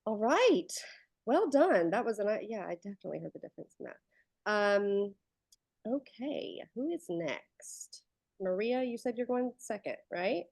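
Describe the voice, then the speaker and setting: A woman runs a narration session on a video call, brisk and organizing. Her voice sits at a middle pitch, recorded dry and close. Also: big pitch swings, creaky, darkish tone, no room sound. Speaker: session director.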